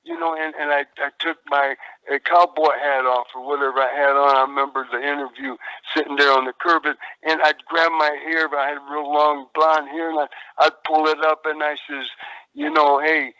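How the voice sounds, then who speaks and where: A man's voice: on the high side, flat delivery, moderate pace, pushed and bright, no echo, lo-fi sound. An older man, a wrestling veteran, telling stories in a rambling interview, with many stalls and repeated words. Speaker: retired wrestler guest.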